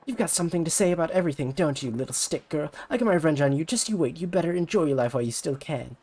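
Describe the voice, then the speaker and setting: A man's voice: lively intonation, very fast, a little mellow. A man voicing a vain, bratty teenage girl idol rival in a video game, haughty and taunting. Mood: indignant. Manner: haughty, taunting, shrill sneers.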